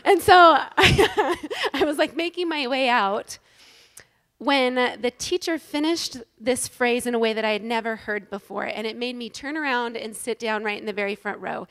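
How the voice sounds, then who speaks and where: A woman giving a humorous, self-deprecating inspirational talk to a live audience on stage, animated and joking. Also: fairly high pitch, normal speed, clean tone. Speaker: inspirational speaker at a women's event.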